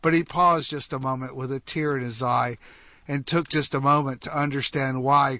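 A man with a crisp, bright voice hosts a radio call-in show from a studio. He reads a rhyming poem aloud with steady, measured rhythm. The sound is close and dry, with no room around it. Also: mid-range voice, no echo. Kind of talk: reading a comic holiday poem aloud.

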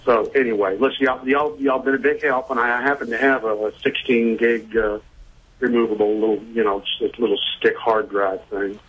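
A middle-aged man, calling into a radio show with a question and talking haltingly, with many fillers. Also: medium pitch, fairly even intonation. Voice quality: husky. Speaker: caller. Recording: muffled phone line.

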